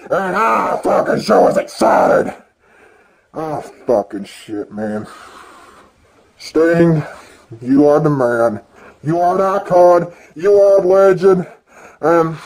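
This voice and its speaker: A man ranting excitedly and profanely in a video reaction, swinging between yelling and mumbling. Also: sits high. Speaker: vlogger.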